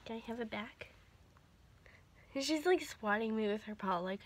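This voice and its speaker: A woman vlogging at home, half-whispering so she won't wake people and switching to a high sing-song voice when talking to her dog. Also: expressive, moderate pace, long pauses, a little hiss or hum. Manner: often half-whispering to keep quiet. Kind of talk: casual home vlog talking to her pets. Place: home indoors.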